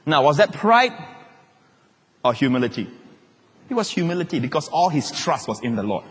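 Pastor guy preaching, kinda husky, bit high voice, jokey and animated. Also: normal speed. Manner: animated, joking, acts out quotes. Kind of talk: sermon. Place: large church hall. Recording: long reverb of a large hall.

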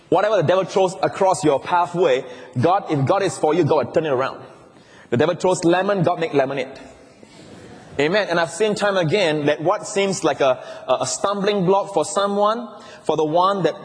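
A man preaching with a somewhat high voice, drawing out key words and urging the congregation to repeat them. His voice rings with long reverb through a large church hall. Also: moderate pace. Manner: emphatic call-and-response preaching. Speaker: pastor. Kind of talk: sermon.

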